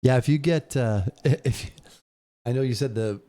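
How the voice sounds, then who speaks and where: A man's voice: mid-range voice, normal speed, mellow. A man co-hosting a live podcast, chatting easily about beers and laughing often. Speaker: podcast co-host. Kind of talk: casual chat, beer tasting.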